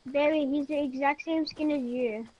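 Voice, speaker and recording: High, excitable female gamer chattering. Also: highs cut off. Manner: excitable, rambling, quick to laugh and gasp. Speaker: gameplay commentator. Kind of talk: casual let's-play chatter. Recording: noisy background with clicking.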